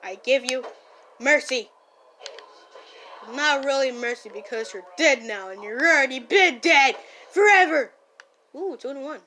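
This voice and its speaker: Woman voicing a hot-tempered young gang-boss guy, slow and bright, scolds and yells. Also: sits high, lively intonation, heavily acted. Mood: annoyed gaming. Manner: loud, scolding, easily startled, playful yelling. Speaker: fan voice actor. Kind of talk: listener role-play while gaming.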